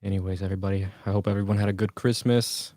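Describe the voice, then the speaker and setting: A man's voice: fairly low pitch, fairly even intonation, quick pace, mellow, no room sound, studio quality. A man from the United States chatting casually on a livestream, joking and answering viewer comments.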